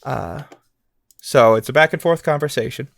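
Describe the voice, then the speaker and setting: A man co-hosting a podcast game segment, relaxed and chatty, laughing easily. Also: mid-range voice, normal speed, gravelly, dry recording. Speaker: podcast co-host. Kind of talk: casual game-show chat.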